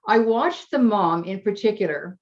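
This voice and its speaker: A woman's voice: medium pitch, expressive, moderate pace, muffled recording. A woman health coach telling a client's story in an interview, chatty and emotional, at times teary.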